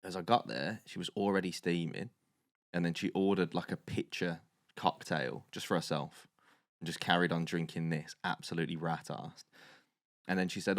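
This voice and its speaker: Deep-voiced young man telling stories. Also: normal speed, no room sound, studio quality. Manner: animated, swearing, acts out quotes loudly. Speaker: podcast co-host. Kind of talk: casual storytelling chat.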